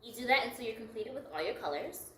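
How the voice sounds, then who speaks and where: A woman's voice: on the high side, expressive, fast talker, a bit bright, roomy sound, recorded from a distance, a little hiss or hum, rough recording. A woman leading a step-by-step craft tutorial, upbeat and encouraging, laughing lightly at her own slips. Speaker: craft instructor.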